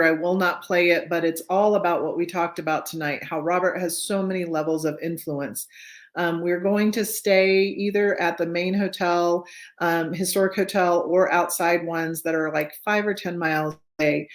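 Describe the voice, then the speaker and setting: A woman hosting a virtual book club on a video call, chatty and now and then tongue-tied. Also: on the low side. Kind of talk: casual video-call chat.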